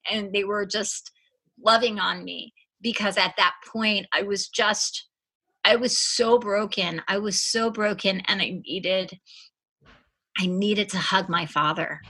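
A woman's voice: mid-range voice, fairly even intonation, takes it slowly, sharp tone, slightly rough. A woman giving an emotional faith testimony as a guest, earnest and fervent, repeating her phrases for emphasis.

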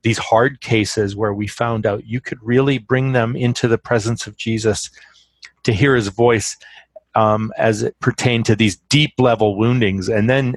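Animated man teaching, dry close sound. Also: fairly low pitch, no room sound. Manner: warm, animated storyteller with emphatic repetitions. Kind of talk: conversational teaching on faith.

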